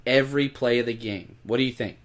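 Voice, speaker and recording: A man's voice: mid-range voice, steady tone, fast. A man co-hosting a podcast, talking through fantasy football picks in casual chat and urging listeners to make moves. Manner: emphatic, urging listeners to pick up players. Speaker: podcast co-host.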